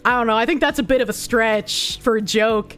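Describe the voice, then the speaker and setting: A woman playing a straight-faced, literal-minded man who answers in a flat, matter-of-fact way, in her own voice pitched a bit lower. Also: a little fast, faint music behind, close to an everyday voice. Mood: deadpan.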